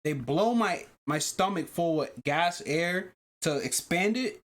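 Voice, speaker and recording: A man hosting a podcast, telling a long personal story in casual chat, animated and profane, often repeating himself. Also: a little high, measured pace. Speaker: podcast host.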